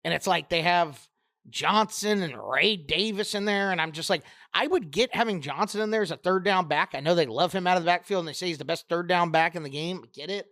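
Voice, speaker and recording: Man, high-pitched, animated casual sports talk, swears, dry sound. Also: a little fast, no room sound. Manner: animated, retells stories in other voices, swears. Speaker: podcast co-host.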